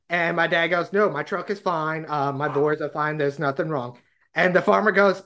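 A man's voice: high-pitched, normal speed, a bit bright. Laid-back man telling a story. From Arkansas, US. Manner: rambling, laughs at own story. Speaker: podcast host. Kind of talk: casual storytelling chat.

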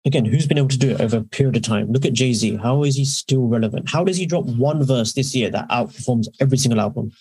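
A man's voice: mid-range voice, quick pace, few pauses, a little mellow, breathy edge. A man co-hosting a podcast, telling long rambling stories in casual chat and often correcting himself. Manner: rambling, anecdotal, with self-corrections. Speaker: podcast co-host.

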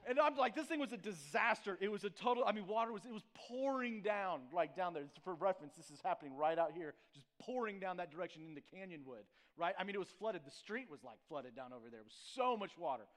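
A man's voice: high-pitched, expressive, quick pace, hardly any pauses, fairly bright tone. A man preaching and praying as a pastor, then telling a casual, self-mocking story with lots of fillers. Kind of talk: sermon with prayer and personal story. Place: church sanctuary.

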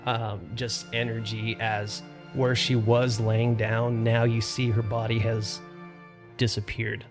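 A man narrating a tabletop role-playing game as game master, describing scenes in a calm, even way with fillers. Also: lowish voice, slow, music in the background.

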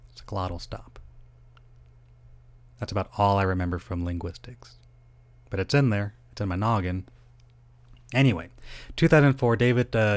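A man's voice: fairly low pitch, no room sound. A middle-aged man hosting a solo podcast, rambling, interrupting himself and swearing casually. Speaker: podcast host.

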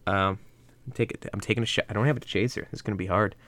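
Reading a book into a desk computer mic, this young host talks fast in a lowish, steady, slightly bright voice over a dry recording. He keeps breaking off to ramble, swear, and sip vodka.

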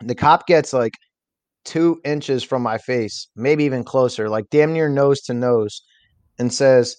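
A man's voice: medium pitch, unhurried, darkish tone, no room sound. A young man telling a personal story as an interview guest, candid and rambling, with many fillers.

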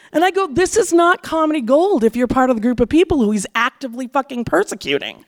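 A woman, telling a frank, profane personal story with lively delivery. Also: sits high, quick pace, hardly any pauses. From California, USA.

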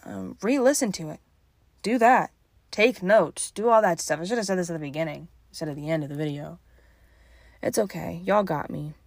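A tired young woman talking calmly and softly in a casual solo podcast, late at night at home. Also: lowish voice, moderate pace, no room sound. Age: young adult. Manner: calm and soft-spoken. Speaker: podcast host.

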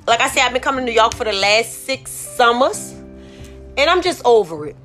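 Southern woman podcaster from new orleans, bright voice, irritated cussing rant recorded on a phone. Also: fairly high pitch, animated, a little fast, soft background music. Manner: profane, irritated, rambling, repeats "like I said". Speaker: podcast host.

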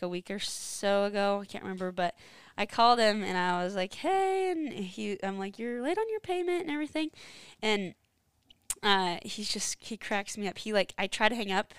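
A woman's voice: medium pitch, steady tone, normal speed, fairly bright tone, clean tone, dry recording, studio quality. A young woman chatting casually as a co-host, telling a work story with lots of "like"s. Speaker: podcast co-host. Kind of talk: casual chat.

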